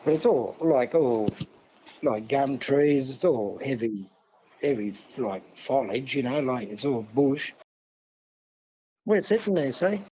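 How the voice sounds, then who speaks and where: An older man from New South Wales with an Australian accent, telling a long story in a relaxed interview and acting out the dialogue. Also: mid-range voice, slow, long pauses, slightly rough. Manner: yarning, acts out dialogue, many "see?" and "mate". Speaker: guest elder. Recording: dull lo-fi sound.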